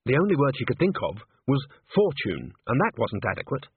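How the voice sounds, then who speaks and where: Expressive male storyteller, husky tone; dry, thin narrow-band recording. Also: mid-range voice, brisk, no room sound. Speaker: audiobook narrator. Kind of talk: scripted narration.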